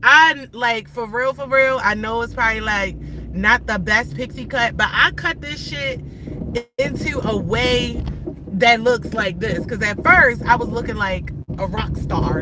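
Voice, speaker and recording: Heavy background noise accompanies a woman in her thirties whose voice runs on the high side, unhurried and with lively intonation. She's livestreaming from her car as she drives, ranting in a heated, profane, rambling manner.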